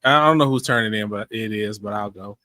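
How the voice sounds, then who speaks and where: A man's voice: lowish voice, brisk, sharp tone, no echo. A man co-hosting a podcast in casual chat, easygoing and wry, with a mild way of speaking. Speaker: podcast co-host.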